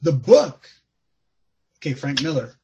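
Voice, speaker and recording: A man talking as a podcast guest in casual chat, rambling and animated, often laughing and restarting his sentences. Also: medium pitch, unhurried, very noisy.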